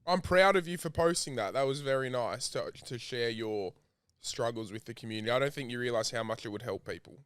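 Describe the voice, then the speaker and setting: A man's voice: mid-range voice, brisk, a bit bright, smooth, no echo, clean studio sound. A man co-hosting a casual podcast who asks earnest, supportive questions. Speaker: podcast co-host.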